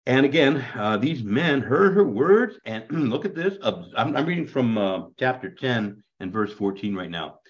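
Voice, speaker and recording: A male Bible class teacher lectures casually, animated and playful, breaking into jokes and hammy asides. His voice sits at a middle pitch. The recording is dull and lo-fi. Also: moderate pace, hardly any pauses. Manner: animated, joking, self-described ham.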